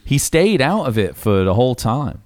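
A man's voice: medium pitch, sing-song, normal speed, a little mellow, no room sound. A man co-hosting a casual podcast chat about music, wry and opinionated. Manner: wry, opinionated, reads quotes aloud. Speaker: podcast co-host.

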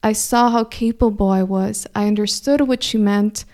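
A young Californian woman whose native language is Spanish, with a slight Mexican Spanish accent, tells a reflective personal story earnestly and thoughtfully, often restarting her sentences. Her mid-range voice holds a steady tone at a moderate pace and sounds slightly mellow.

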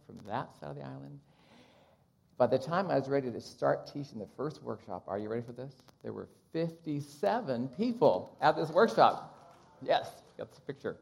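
A man's voice: medium pitch, gravelly. A man, a Bible translator, telling stories in a church missions talk and acting out the people he quotes. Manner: animated storyteller acting out quotes.

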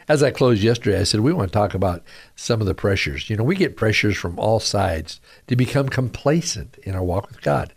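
A man's voice: fairly low pitch, lively intonation, normal speed, dry recording. A middle-aged man hosting a radio devotional, speaking earnestly, praying and reading scripture with rising emphasis. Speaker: radio pastor and host.

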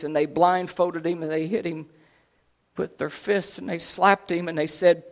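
A man preaching, retelling a scripture story dramatically, swinging between loud and hushed. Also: a little high, fairly even intonation, unhurried, creaky.

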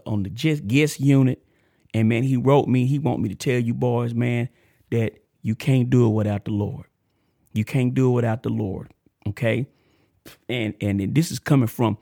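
A man with a low voice talks like a preacher, his energy swinging from hushed and earnest to loud, laughing shout-outs. The sound is dry and close, with no room around it. He reads a testimony aloud in a steady sermon cadence. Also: no room sound. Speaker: podcast host. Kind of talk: casual preaching and reading a letter.

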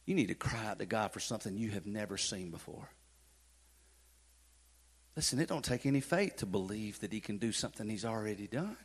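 A male pastor preaching a sermon in a church, swinging from loud urgency to hushed intensity, with folksy joking asides. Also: lowish voice, fairly quick, long pauses, husky. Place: church sanctuary. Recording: long hall reverb.

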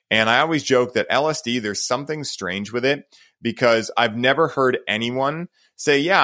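A man's voice: medium pitch, bright, forceful tone, dry recording. Guy hosting a podcast, rambly and chill, keeps saying like and right, dry close sound. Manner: rambling, heavy use of "like" and "right?". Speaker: podcast host. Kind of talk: casual podcast conversation.

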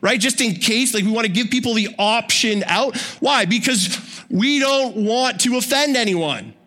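A pastor preaches in a bright, forceful voice that sits high for a man. He keeps it conversational, with joking asides. A sermon delivered like a friendly talk. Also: lively intonation, normal speed. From Canada.

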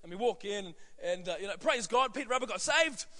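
Pastor, thirties, male; bright, easygoing preaching voice with a long reverb. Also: high voice, animated, brisk. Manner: conversational, many fillers and asides. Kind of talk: sermon.

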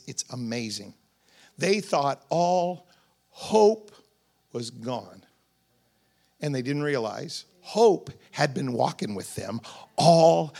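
A man's voice: mid-range voice, vocal fry, slightly rough. A man preaching a sermon, retelling scripture as a story in a conversational way with humorous asides. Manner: dramatic retelling of scripture scenes. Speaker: pastor.

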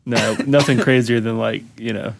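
A man's voice: medium pitch, fairly even intonation, moderate pace, vocal fry, slight background noise. A young man co-hosting a podcast, chiming in with dry jokes during casual chat. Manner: dry joking interjections. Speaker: podcast co-host.

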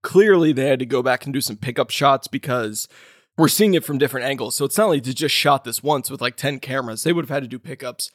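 A man's voice: mid-range voice, fast talker, dry recording, studio quality. A man co-hosting a podcast, talking casually about a movie and retelling its scenes with energy. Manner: animated storyteller who acts out quoted lines. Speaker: podcast co-host. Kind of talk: casual film discussion.

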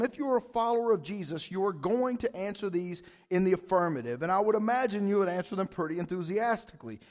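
A male pastor delivers a casual, conversational sermon in a notably high voice. He keeps checking in with "right?" and swells loudly when he drives a point home. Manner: animated, rises loud for emphasis; high-pitched voice.

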